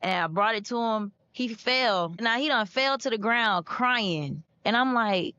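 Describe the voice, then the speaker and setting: A woman podcast host in casual conversation, telling stories with lively acted-out dialogue. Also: fairly high pitch, a little slow, few pauses, muffled recording. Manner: animated storyteller, acts out quoted dialogue.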